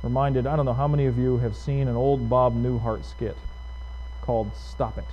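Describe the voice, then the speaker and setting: A man's voice: mid-range voice, flat delivery, moderate pace, dull audio, slight background noise. A male pastor preaching a sermon in a conversational way, putting questions to his congregation. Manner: conversational, asks the audience questions.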